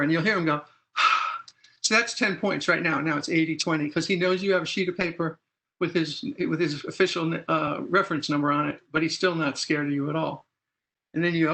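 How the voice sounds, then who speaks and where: A man's voice: on the high side, steady tone, brisk, gravelly, sharp tone. A middle-aged man gives a presentation as a consumer advocate, acting out phone calls in dialogue. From Texas.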